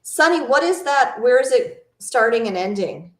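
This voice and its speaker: A woman with a fairly high voice chats through a live travel Q&A, rambling and reading out viewers' comments as she goes. She asks viewers questions between her answers. The sound is roomy, with an echo off the walls. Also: animated, normal speed. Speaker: travel vlogger hosting a live Q&A. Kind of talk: casual live-stream chat with viewers.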